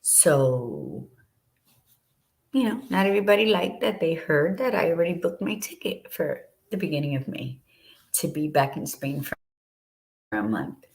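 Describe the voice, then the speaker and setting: A woman's voice: low voice, very animated, a little slow, creaky, pauses often. A middle-aged woman hosting a talk show, speaking with candid, passionate conviction and swearing freely. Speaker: podcast co-host. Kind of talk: casual motivational talk.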